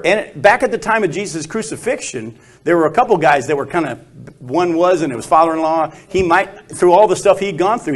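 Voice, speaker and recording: A man with a notably high voice leads a Bible study. He tells the stories in an animated way and drops his voice to act out quoted lines. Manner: animated storytelling, acts out quotes with dropped voice.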